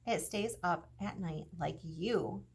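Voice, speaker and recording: Grumpy, worn-out big mouse, read by a woman, curt, husky, storybook. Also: fairly low pitch, slow, heavily acted. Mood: weary. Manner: curt, sleepy refusals. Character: weary grumpy older male mouse.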